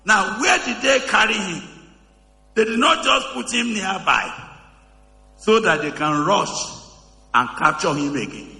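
A man preaching a sermon to a congregation, asking them questions again and again, his voice leaping to high shouts and dropping to low murmurs. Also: expressive, measured pace, long pauses. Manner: asks the congregation questions over and over. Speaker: pastor. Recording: echoey hall reverb.

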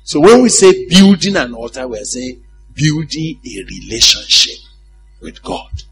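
A man preaching a sermon in an animated, humorous way, often asking the congregation if they follow him. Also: on the high side, measured pace, creaky, faint music behind, poor audio.

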